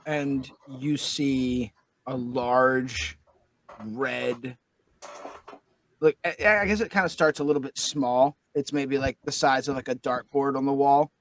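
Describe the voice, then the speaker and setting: A man's voice: mid-range voice, steady tone, takes it slowly, a little hiss or hum, poor audio. A man narrating a tabletop game as game master, describing scenes loosely with many fillers.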